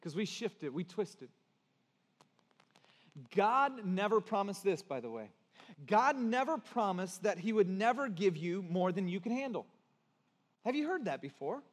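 Male pastor, high voice, conversational sermon with emphatic builds, large reverberant hall. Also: big pitch swings, a little slow, long pauses.

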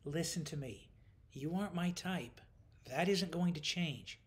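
A man voicing a hungover young woman coder with a dry, gently teasing manner, in audiobook narration. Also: on the high side, unhurried, voice pushed up, close to an everyday voice. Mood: dry patient.

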